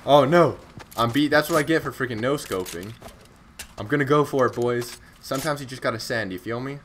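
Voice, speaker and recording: A young man from Scotland, giving excitable, slangy live commentary on his own gameplay and chatting with viewers, breaking into sudden outbursts. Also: mid-range voice, fairly quick, a little hiss or hum. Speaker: game streamer.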